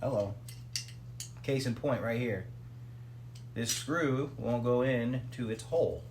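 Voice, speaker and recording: A man's voice: mid-range voice, unhurried, pauses often, a little hiss or hum. Guy rambling on stream while he screws stuff together at home, loose and jokey. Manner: rambling, loose, joking asides to chat and dog. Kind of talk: casual live-stream commentary while building.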